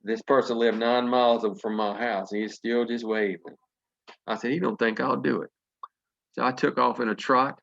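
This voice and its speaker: A man's voice: mid-range voice, steady tone, normal speed, vocal fry, fairly bright tone, lo-fi sound. A Southern man in his fifties from North Carolina, telling earnest, folksy stories as a motivational speaker on a video call. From North Carolina, USA. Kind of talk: motivational storytelling.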